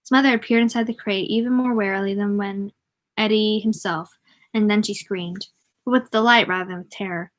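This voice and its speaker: A woman's voice: medium pitch, steady tone, a little fast. A woman reading a novel aloud in a casual way, often stumbling, correcting herself and adding joking asides.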